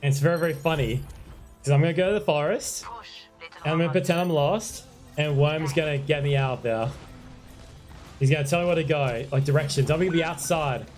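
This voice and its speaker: A man's voice: on the high side, brisk, faint music behind. A young man streaming a game live, chatting to viewers, yelping and apologizing as he plays. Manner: excitable, yelps and apologizes, chats to viewers. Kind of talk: live gameplay commentary.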